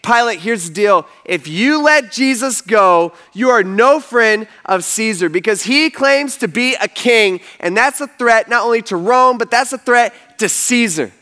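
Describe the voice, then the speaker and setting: A man's voice: sits high, lively intonation, a little slow, hardly any pauses, bright, forceful tone, pitched above the performer's own voice, heavily acted. A man voicing insistent, pushy male religious leaders. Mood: threatening.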